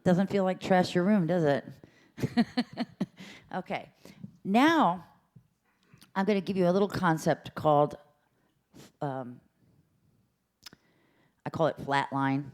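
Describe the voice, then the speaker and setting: A woman's voice: fairly low pitch, slow pace, long pauses, darkish tone. A woman voice teacher leading a workshop, chatty and playful, showing sounds by meowing and humming. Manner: demonstrates sounds, meows and hums. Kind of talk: vocal workshop instruction. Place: lecture room at a symposium.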